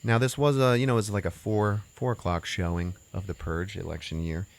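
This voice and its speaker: A man's voice: fairly low pitch, fairly even intonation, a little fast, gravelly. A man hosting a podcast, casually retelling a story with rambling asides and acted-out quotes. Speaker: podcast host. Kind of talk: casual chat.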